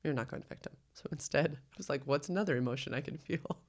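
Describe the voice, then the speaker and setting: A woman's voice: sits low, quick pace. A woman co-hosting a podcast, talking earnestly and reflectively in casual conversation, acting out her own quoted thoughts. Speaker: podcast co-host.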